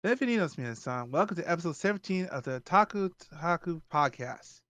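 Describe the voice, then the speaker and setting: A man's voice: a little high, animated, a little fast, music in the background. A man hosting a casual podcast, rambling with lots of fillers. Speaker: podcast host.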